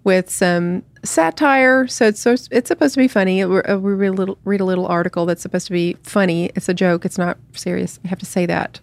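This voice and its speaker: A woman's voice: mid-range voice, brisk, gravelly, few pauses, no room sound. Woman podcast host, chatty, laughs a lot, dry close sound. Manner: laughs often, chatty, reads aloud with energy. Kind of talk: casual chat reading a satire article.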